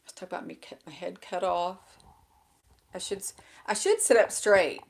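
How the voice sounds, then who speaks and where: Woman vlogger with a crackly, gravelly fry, chatting aimlessly and poking fun at herself, seated at home. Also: lowish voice, lively intonation, moderate pace. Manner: rambling and self-deprecating, loses her train of thought. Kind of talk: casual chat to camera. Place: indoors at a table with a laptop. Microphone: small handheld microphone.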